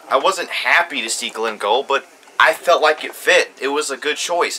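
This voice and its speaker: A man's voice: on the high side, pushed and bright. A man ranting about a TV show premiere, heated, profane and repeating himself. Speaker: YouTube commentator. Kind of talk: ranting TV reaction.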